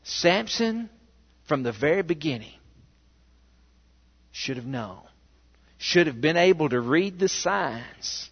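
A male pastor preaching a sermon, telling a story with animated rhetorical questions in a church. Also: fairly high pitch, slow pace, pauses often, husky. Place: church sanctuary. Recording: echoey, dull church recording.

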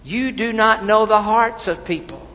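A fairly high-voiced man preaching to his congregation in a folksy, conversational way, circling back and restarting his sentences as he tells stories. His voice carries a long echo through the church sanctuary. The recording is dull and muffled, with a faint hum underneath. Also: measured pace. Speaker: pastor. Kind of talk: sermon.

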